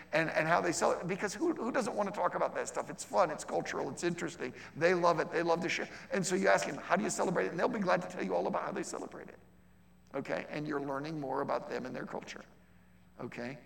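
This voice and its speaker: A man's voice: fairly high pitch, gravelly, a bit bright, slight background noise. A man teaching a class in a chatty, humorous way, acting out little dialogues with people. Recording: echoey hall.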